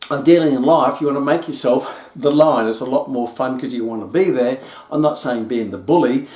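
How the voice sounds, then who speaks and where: A man's voice: medium pitch, a little mellow. A man hosting a solo health talk, playful and acting out scenes as he explains. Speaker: health podcast host. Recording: roomy echo.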